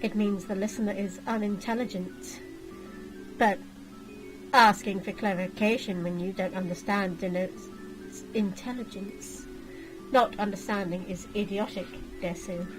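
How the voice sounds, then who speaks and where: A woman voicing an eccentric, nearly headless anime schoolgirl in a flat, robotic delivery. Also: medium pitch, unhurried, music in the background, close to an everyday voice, low-quality recording. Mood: probing. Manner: flat robotic delivery ending lines with "desu".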